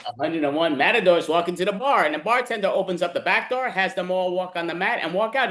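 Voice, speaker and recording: A man hosts a round of improv jokes on a video call, talking in a loose, chatty way and catching his own slips. His voice sits a little high for a man. It moves up and down a lot as he talks. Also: animated, fast talker, few pauses, fairly bright tone. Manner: chatty, loose, self-correcting. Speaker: improv game host. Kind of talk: casual joke-round hosting.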